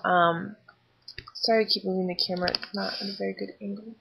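Tired woman chatting candidly on a webcam, husky and creaky. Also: medium pitch, steady tone, brisk, a bit bright, low-quality recording. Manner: chatty and candid, lots of fillers and asides. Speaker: vlogger. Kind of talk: casual pregnancy vlog. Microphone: laptop webcam.

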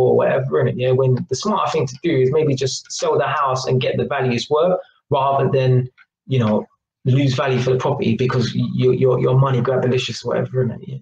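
A man's voice: mid-range voice, steady tone, fairly quick, vocal fry, darkish tone, a little hiss or hum. Rambling man, echoey room. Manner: rambling and emphatic, tags lines with "yeah?" and "innit". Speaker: YouTuber. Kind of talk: casual opinion monologue.

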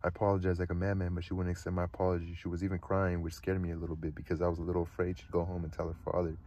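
Fast, flat, deep-voiced male reader. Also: dry recording. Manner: quick, even read-aloud delivery with small slips and restarts. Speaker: audiobook reader. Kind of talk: reading a novel aloud.

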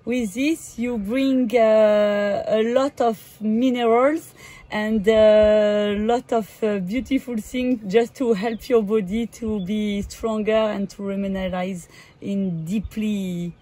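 A woman with a French accent, a native French speaker, giving casual wellness tips in a hesitant, halting way with many fillers and frequent laughs. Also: mid-range voice, steady tone, warm tone. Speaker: wellness coach. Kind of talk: casual instructional vlog.

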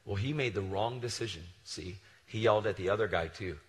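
A man preaching a sermon, telling stories in a casual, animated way with slangy asides. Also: on the low side, brisk, long reverb tail. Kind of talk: storytelling sermon.

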